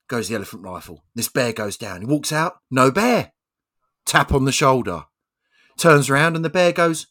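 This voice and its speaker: A man co-hosting a podcast, telling a long joke in casual chat with lively storytelling. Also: normal speed. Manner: lively storyteller, swings pitch widely. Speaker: podcast co-host.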